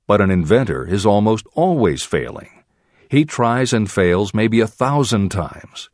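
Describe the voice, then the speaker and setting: Low, expressive male audiobook narrator. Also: measured pace, dry recording, clean studio sound.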